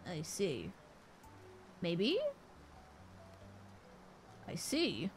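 A woman's voice: fairly low pitch, huge pitch swings, drawn-out words, faint music behind. A woman streamer chatting casually over a game, playful and giggly as she sounds out Japanese words.

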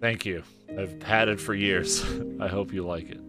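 A man's voice: low-pitched, fairly even intonation, normal speed, music in the background. A man hosting a game stream in casual chat, joking dryly and laughing often. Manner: dry, joking, laughs a lot. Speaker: streamer host.

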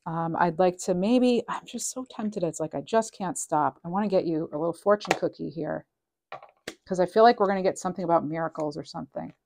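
Woman, tarot reader, casual channeled reading, lower voice, meandering, hesitant ums. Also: a little fast, gravelly, a little mellow. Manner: chatty and meandering, with frequent ums; reads card messages aloud.

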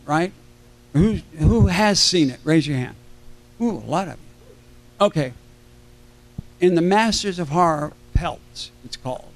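An older man telling animated stories to a convention audience, acting out the voices of people he quotes. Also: fairly high pitch. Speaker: convention panel guest. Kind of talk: storytelling to a live audience. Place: convention stage.

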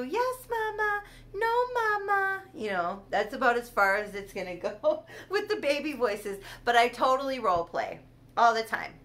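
A woman hosting her own casual vlog, talking in a loose, rambling way with frequent giggles. Her voice is bright and forward, pitched in a middle range. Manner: chatty and rambling, giggles often. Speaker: doll collector hosting her channel.

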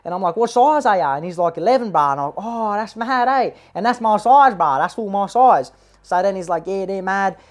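A woman's voice: mid-range voice, lively intonation, brisk, lightly acted. A woman playing a brash young male eshay with an Australian accent, slangy and boastful, tagging every line with "bruh" and "lad", in a comic parody vlog. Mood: cocky. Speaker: comedy parody host.

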